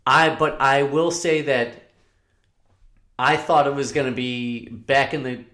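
A man's voice: medium pitch, steady tone, slow pace, a bit bright. A man co-hosting a podcast, teasing and laid-back in a casual sports chat. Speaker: podcast co-host.

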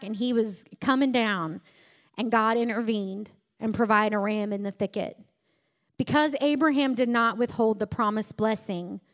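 Female preacher mid-sermon, storytelling style with emphatic climaxes, pitched slightly high.

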